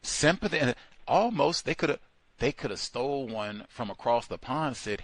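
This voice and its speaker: Sardonic man, lively voice. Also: medium pitch, normal speed, dry recording. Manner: sardonic, switching between mocking voices and asides. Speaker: radio show host. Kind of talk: satirical call-in show monologue.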